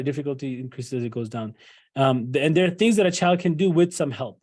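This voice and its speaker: With a fairly high, slightly mellow voice, a middle-aged man addresses parents in a conversational psychology lecture. He's full of fillers and "right?" tags and plays out sample lines a parent might speak.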